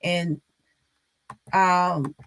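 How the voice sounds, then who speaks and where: A woman's voice: lowish voice, steady tone, very slow, fairly bright tone, clear, resonant tone. A woman on a live stream talking casually and insistently to her viewers, repeating her points.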